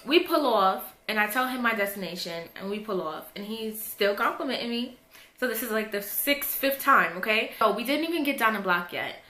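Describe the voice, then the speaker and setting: A young woman talks straight to her audience in a loose, slangy storytime, candid and animated. Her voice sits a little high and bright with a crisp edge. It bounces around a reverberant room. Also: normal speed, a little hiss or hum. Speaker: vlogger. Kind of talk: casual storytime.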